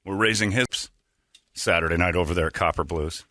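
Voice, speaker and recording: A man with a lowish but bright, forceful voice hosts a morning radio show. His delivery swings widely in pitch as he jokes irreverently and laughs at his own stories. The studio mic sounds close and dry. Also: a little fast, no echo. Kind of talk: casual morning radio banter. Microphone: studio broadcast mic.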